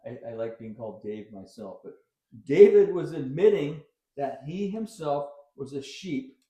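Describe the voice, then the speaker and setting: A man's voice: a little high, expressive, measured pace, dark tone, reverberant, low-quality recording. A male pastor preaching a sermon in a conversational style, with wry asides and sudden bursts of emphasis.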